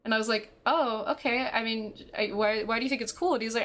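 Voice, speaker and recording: A young woman telling a story to her stream chat in a casual, animated way, swearing constantly and acting out what people said. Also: a little high, fast talker.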